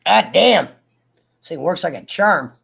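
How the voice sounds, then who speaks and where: A man's voice: high voice, lively intonation, slow pace, creaky, a bit bright, slightly rough. A sick man drawls through a loose, profane chat with his viewers. He laughs at his own jokes and keeps breaking off to cough, taking his time over every line. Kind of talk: casual rambling chat to viewers.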